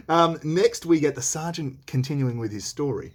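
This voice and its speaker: A man's voice: fairly high pitch, expressive, normal speed, hardly any pauses. A man teaching a read-along lesson, reading lines aloud and explaining them in a chatty, slangy way.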